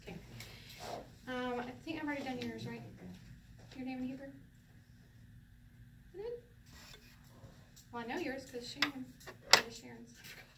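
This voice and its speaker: A woman's voice: high voice, normal speed, pauses often. A woman teaching a Hebrew class in a casual, playful way, laughing often and going sing-song when she demonstrates. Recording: roomy, from a distance, faint background noise.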